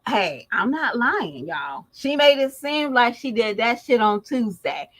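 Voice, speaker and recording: A woman's voice: a little high, expressive, measured pace, a bit bright, low-quality recording. A woman vlogger giving casual gossip commentary, slangy and emphatic, who laughs often as she talks.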